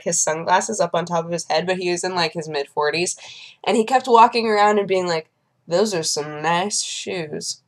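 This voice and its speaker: A woman in her twenties chatting casually on her vlog, telling stories and acting out the people she met. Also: fairly low pitch. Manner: chatty storyteller who acts out the people she describes. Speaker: vlogger. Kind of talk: casual chat.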